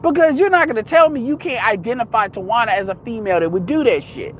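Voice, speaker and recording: A man's voice: very high-pitched, fast talker, a bit bright, highs cut off, a little hiss or hum. A young man ranting in a casual, heated, rambling monologue, swearing often.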